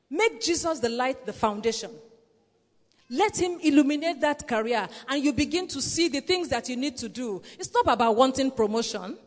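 Woman preacher, high voice, earnest and insistent, repeats her points; church hall with long echo. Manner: earnest, repetitive exhortation with "Praise the Lord" interjections. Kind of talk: sermon.

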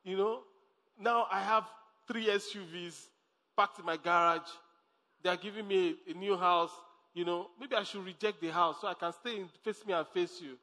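High, bright preacher man. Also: fairly even intonation, normal speed. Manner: emphatic, repeats phrases, laughs often. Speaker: pastor. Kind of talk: sermon. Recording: long hall reverb.

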